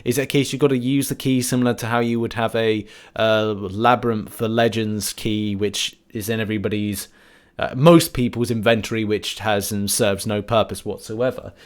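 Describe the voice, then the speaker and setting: A man's voice: on the low side, fairly even intonation, moderate pace. Rambling, chatty man. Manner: rambling, chatty, laughs often. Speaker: podcast host. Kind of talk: casual gaming podcast chat.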